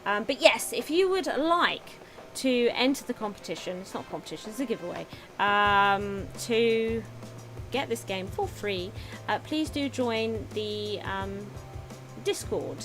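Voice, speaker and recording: A woman streams a game and chats along with it, her voice sitting a little high. She gives casual, giggly commentary and keeps asking her viewers what they think. Faint background music plays underneath. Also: a bit bright.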